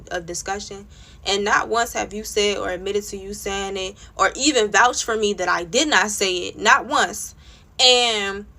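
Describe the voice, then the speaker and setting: Her voice is fairly high, bright and forceful as this young woman vlogger rants casually through a story. She is blunt and profane, and her heated retelling is stuffed with "like" fillers.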